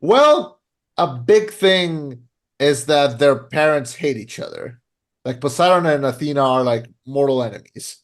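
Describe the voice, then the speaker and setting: A man's voice: mid-range voice, expressive, measured pace. A young man hosting a podcast in casual chat, rambling with lots of "like" and restarting his sentences. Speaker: podcast host.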